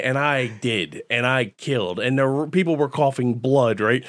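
A man's voice: medium pitch, normal speed, hardly any pauses, a bit bright, dry recording, clean studio sound. A man hosting a comedy podcast, telling anecdotes with punchy comic timing that builds to punchlines. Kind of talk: comedic storytelling chat.

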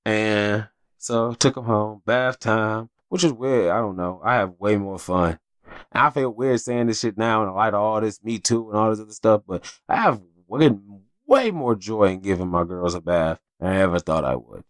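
A man's voice: fairly low pitch, lively intonation, normal speed, no echo. A man hosting a casual solo podcast, talking candidly and with plenty of swearing as he rambles through stories. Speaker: podcast host.

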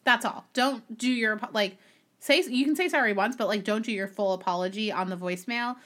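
A woman's voice: medium pitch, fairly quick, fairly bright tone. A woman in casual podcast chat, giving blunt takes on a reality show with a mid-range voice. She laughs easily and peppers her talk with "like.". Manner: blunt, laughs often, fills with "like". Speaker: podcast co-host.

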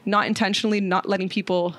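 A woman's voice: mid-range voice, level tone, quick pace, fairly bright tone. A young adult woman, telling a personal story in conversation, full of fillers and acted-out quotes. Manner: acts out quoted voices, many fillers like "like". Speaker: podcast guest. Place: parked car.

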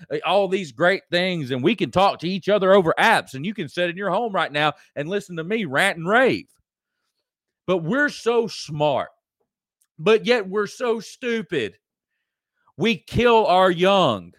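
A man's voice: high voice, fairly bright tone, no room sound, studio quality. A man with a Southern American accent hosting a live-stream show, ranting in a preachy, emphatic way and repeating lines for effect. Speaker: host.

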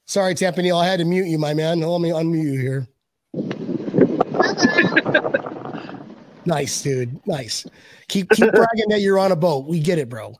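A man's voice: a little high, big pitch swings, unhurried, pauses often. A man hosting a casual chat, rambling and joking, often repeating his words. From Buffalo, USA. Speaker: podcast host.

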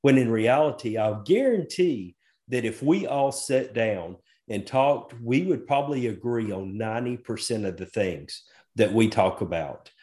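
A man's voice: medium pitch, expressive, a little slow, a little mellow. Easygoing, folksy middle-aged man. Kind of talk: casual chat.

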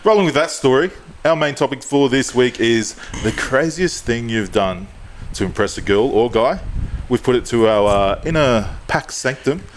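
A man's voice: medium pitch, animated, normal speed, a little hiss or hum. A man co-hosting a podcast, reading joke news and teasing his co-host, laughing often.

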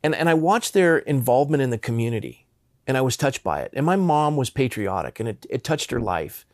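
A man's voice: medium pitch, sing-song, brisk, dry recording, clean studio sound. A man in his fifties from Southern California, telling a personal story as a guest with earnest emphasis and frequent stammered restarts.

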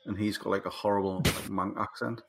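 A man's voice: on the low side, level tone, fairly quick, gravelly, background noise. A man co-hosting a watchalong podcast, laid-back with blunt opinions. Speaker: podcast co-host. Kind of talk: casual watchalong chat.

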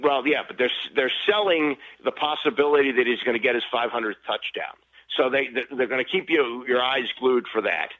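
A man's voice: mid-range voice, fairly quick. An older man talking sports as a guest, rambling and restarting his sentences often. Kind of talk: casual sports talk. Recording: dull, lo-fi line.

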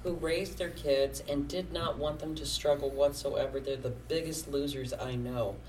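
A woman's voice: low voice, moderate pace. Middle-aged woman, small business owner, blunt opinions, voice from a distance, faint background hiss. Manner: blunt and opinionated, gets animated. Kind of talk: casual conversation.

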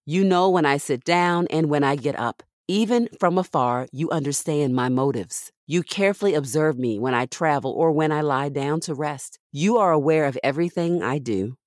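Woman scripture reader, deep voice, dry close studio sound, measured and reverent. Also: dry recording. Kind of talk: scripture reading.

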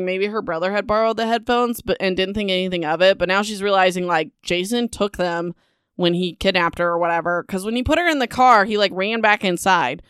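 A woman's voice: medium pitch, a bit bright, clear, resonant tone, no room sound, clean studio sound. A young woman hosting a casual book recap podcast, talking in a sarcastic, dismissive way with lots of "like" and "whatever.".

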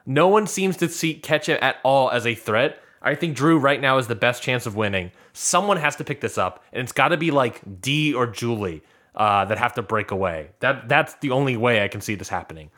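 A man's voice: mid-range voice, animated, normal speed, a bit bright. A man co-hosting a podcast, chatting casually and animatedly as he recaps episodes and acts out what people said. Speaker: podcast co-host.

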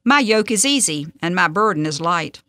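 A calm, kindly God from a storybook reading, voiced by a woman. The voice is soft, gentle and a little lower than the narration. It sits close and dry. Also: moderate pace, no room sound.

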